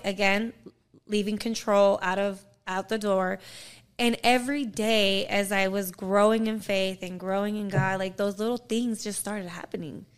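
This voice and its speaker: A woman's voice: mid-range voice, steady tone, a little slow, clear, resonant tone. A woman guest on a podcast, earnestly telling a personal faith story in a casual, filler-heavy way.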